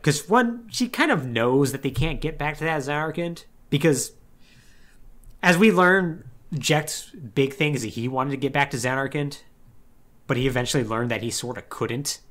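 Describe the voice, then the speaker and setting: A man's voice: mid-range voice, fairly bright tone. A young man co-hosting a podcast, recapping a game story in a loose, wry way full of "like". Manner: loose and wry, peppered with "like", mimics characters. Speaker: podcast co-host.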